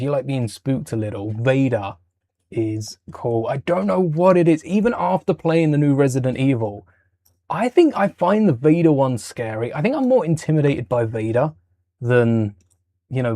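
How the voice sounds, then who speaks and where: A man's voice: on the high side, warm tone. A man hosting a casual livestream while building Lego, chatting with viewers in a rambling way and correcting himself as he goes.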